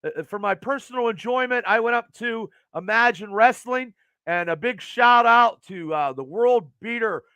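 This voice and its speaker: A man's voice: extremely high pitch, normal speed, bright, forceful tone, smooth, no room sound. A man in his early fifties hosting a podcast, ranting casually and profanely in a rambling way. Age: 50s. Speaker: podcast host.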